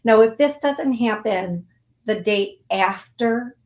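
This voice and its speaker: Middle-aged lady psychic talking slow and soothing, repeats herself, kinda teary. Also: a little high. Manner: warm coaxing, emotional, repeats phrases. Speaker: psychic medium host. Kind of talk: live call-in reading and guided healing.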